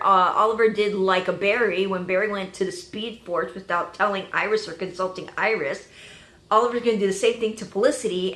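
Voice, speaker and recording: A woman giving an excited reaction review of a TV episode, gushing and thinking out loud as she goes. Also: mid-range voice, roomy sound.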